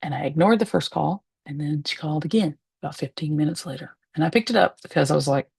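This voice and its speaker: A woman, a medium and spiritualist, telling a personal story to the camera from her home, candid and emotional, pausing and laughing softly. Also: low voice, gravelly, breathy edge, no echo. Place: at home, seated in a rocking chair.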